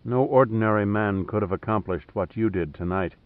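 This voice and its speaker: A man reading a stubborn, intelligent woman who speaks softly with slight huskiness. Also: lowish voice, fairly quick, no echo, close to an everyday voice. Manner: soft, quiet delivery. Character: stubborn, intelligent young woman, soft-spoken. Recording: narrow phone-like sound.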